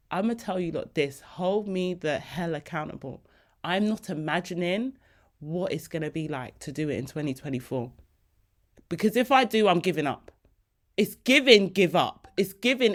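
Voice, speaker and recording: Woman, podcast host, lower pitch, candid, slangy, emotional storytelling. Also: lively intonation, normal speed. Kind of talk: candid personal podcast monologue.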